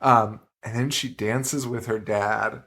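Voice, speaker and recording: Animated, swearing male podcast co-host. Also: fairly low pitch, slow. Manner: animated, swears freely, laughs often. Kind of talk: casual chat.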